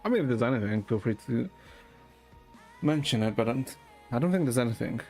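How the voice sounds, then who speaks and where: A man streaming and chatting with viewers in a deadpan, rambling way, swearing now and then. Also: medium pitch, brisk, soft background music. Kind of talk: casual chat with viewers.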